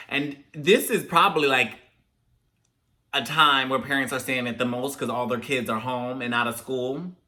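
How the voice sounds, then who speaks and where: A young man hosting a casual talk video, telling animated stories about growing up in African American English. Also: mid-range voice. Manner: chatty, animated when telling parent stories. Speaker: host. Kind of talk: casual chat, storytelling to viewers.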